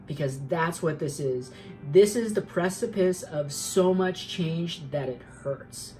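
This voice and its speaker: Woman, tarot reader, earnest and emphatic, fairly low voice, soft music underneath. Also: takes it slowly, low-quality recording. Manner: earnest, emphatic, repeats herself, swears for emphasis. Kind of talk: spoken tarot reading, motivational.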